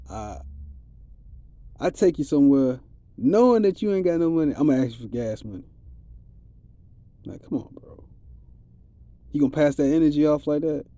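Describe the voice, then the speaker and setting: A man's voice: on the high side, mellow, no room sound, lo-fi sound. A man giving a rambling, streetwise spiritual monologue in a casual, preachy way. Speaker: vlogger.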